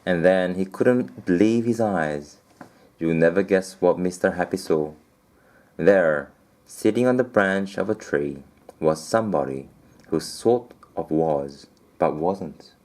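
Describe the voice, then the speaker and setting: A man's voice: sits low, slow pace, a little mellow. A man reading a children's storybook aloud, with playful asides to the listener.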